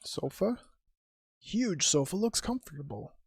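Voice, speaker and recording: An unhurried streamer talks through an old adventure game, reading each typed command and the game's replies aloud in a wry, musing way. The voice sits close and dry, with no room around it, and keyboard clicks come through now and then. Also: mid-range voice, lively intonation, breathy edge, no room sound. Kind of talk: casual gameplay commentary, reading game text aloud.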